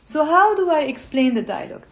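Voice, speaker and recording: A woman explaining a language textbook, saying model phrases slowly for learners to repeat. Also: high-pitched, animated, slight background noise. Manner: slow, drawn-out model phrases for repetition. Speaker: language teacher.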